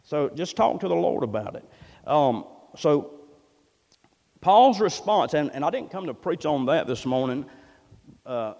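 A man preaching a sermon in a folksy way, building up to loud, emphatic peaks. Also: a little high, sing-song, measured pace. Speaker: pastor. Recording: long reverb in a church hall.

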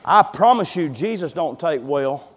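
A man's voice: on the high side, expressive, unhurried. A man preaching a sermon, impassioned and folksy, often repeating words as he builds up. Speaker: pastor. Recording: long reverb of a large hall.

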